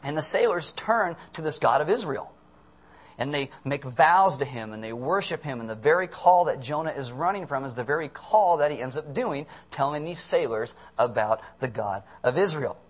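A man's voice: on the high side, lively intonation, moderate pace. A man preaching a casual, joking sermon, often acting out quotes in the voices of the people in the story. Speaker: pastor.

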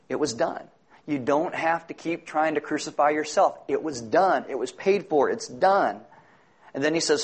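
A man's voice: fairly high pitch, a little fast. A man preaching a sermon, earnest and emphatic, quoting scripture as a pastor.

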